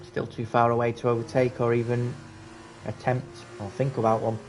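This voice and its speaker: A man's voice: mid-range voice, normal speed, slight background noise. Chatty man calling a sim race. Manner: casual, chatty, rising excitement at close battles. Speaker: race commentator. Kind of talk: live sim racing commentary.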